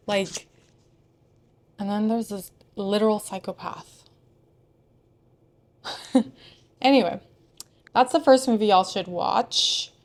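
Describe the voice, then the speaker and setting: A woman's voice: medium pitch, slow, pauses often. A young woman from Houston chatting casually about films, digressive and full of asides. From Houston, Texas. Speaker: film vlogger.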